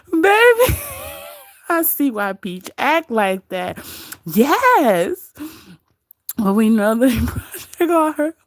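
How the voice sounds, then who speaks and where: A woman's voice: fairly high pitch, sing-song, slow, pauses often. A woman hosting a livestream, chatting casually to her live chat from her bed, laughing often and quoting others. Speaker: livestream host. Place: bedroom.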